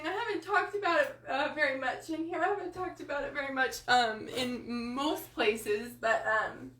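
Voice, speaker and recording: Passionate woman live-streaming, bright and roomy. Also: high-pitched, normal speed, hardly any pauses. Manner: passionate and emotional, with many fillers. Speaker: coach hosting a live body-image training. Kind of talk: live-stream talk to viewers. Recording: roomy sound from a distant mic.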